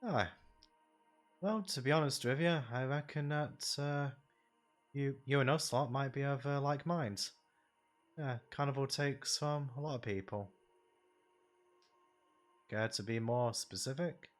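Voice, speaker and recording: A man's voice: medium pitch, measured pace, long pauses, soft background music, natural voice. A man voicing a shrewd, folksy adventurer in a tabletop game, drawling and using old-fashioned words like "aye" and "reckon". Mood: curious.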